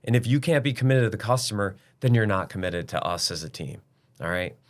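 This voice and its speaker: 低沉直率的中年男人. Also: male voice, on the low side, animated, a little fast. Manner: blunt and emphatic, with mild swearing. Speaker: business owner guest. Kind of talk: casual interview talk.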